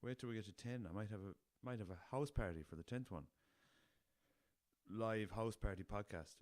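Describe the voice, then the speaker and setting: Low-voiced, chatty Irish man. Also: moderate pace, darkish tone, dry recording. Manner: chatty rambling storyteller, swears freely. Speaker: podcast host. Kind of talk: casual solo podcast chat. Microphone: laptop.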